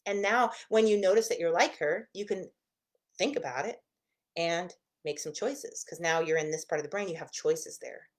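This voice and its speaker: Expressive woman therapist, slightly low voice. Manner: expressive, acts out inner voices in quick asides. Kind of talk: casual teaching talk.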